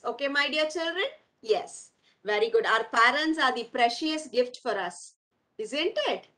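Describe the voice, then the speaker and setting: A woman's voice: sits high, lively intonation, bright, forceful tone, low-quality recording. A woman teaching young children online, repeating words for them and calling them "my dear children". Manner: calls pupils "my dear children", drills words slowly. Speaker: primary school English teacher.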